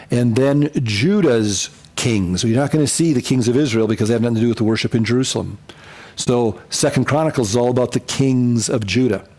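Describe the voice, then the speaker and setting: A pastor teaching a Bible survey class, lively and repeating key points, sometimes acting out quotes in funny voices. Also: male voice, mid-range voice. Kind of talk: lecture.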